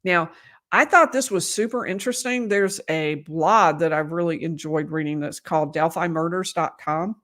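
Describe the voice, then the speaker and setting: Woman lawyer, hoarse, streaming commentary. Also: fairly low pitch, moderate pace, fairly bright tone. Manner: conversational, restarts and emphatic asides. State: losing her voice. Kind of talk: livestream case commentary.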